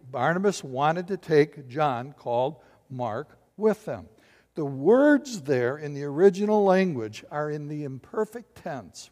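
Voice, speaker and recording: Animated high-voiced male preacher. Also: in a large hall. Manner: animated, acts out voices and asks the congregation questions. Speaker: pastor. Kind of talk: sermon.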